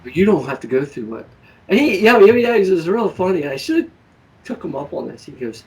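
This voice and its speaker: A man hosting a casual political chat, telling stories in a lively way and acting out the people he quotes. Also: high voice, brisk, recorded from a distance, low-quality recording. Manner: animated storytelling, acts out quoted people. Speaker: show host.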